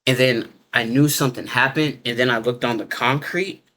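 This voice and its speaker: A man's voice: medium pitch, steady tone, normal speed, sharp tone. A man casually telling a personal story in loose, rambling talk, full of fillers, restarts and everyday slang grammar. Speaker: interviewee telling a near-death experience.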